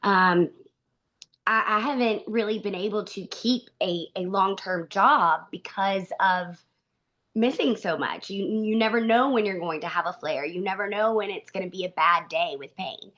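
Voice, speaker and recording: A woman's voice: medium pitch, a bit bright. Earnest woman guest, slightly muffled. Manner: earnest, halting, frequent restarts. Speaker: podcast guest. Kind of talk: conversational interview.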